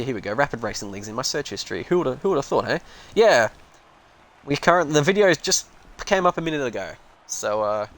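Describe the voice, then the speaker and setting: A man's voice: mid-range voice, fairly bright tone, rough recording. A man giving casual, rambling live commentary on a sim racing stream, full of joking asides.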